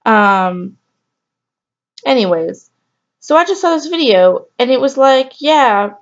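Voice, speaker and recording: Woman vlogger, higher voice, candid rambling storyteller, slightly dull lo-fi sound. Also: expressive, slow pace. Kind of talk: casual storytelling to camera.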